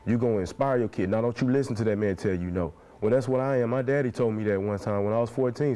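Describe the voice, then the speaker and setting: A man's voice: medium pitch, fast, few pauses, warm tone. A man in his twenties speaking in an interview with passionate, preacher-like conviction, dropping "man" into nearly every phrase. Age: 20s. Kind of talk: earnest interview talk.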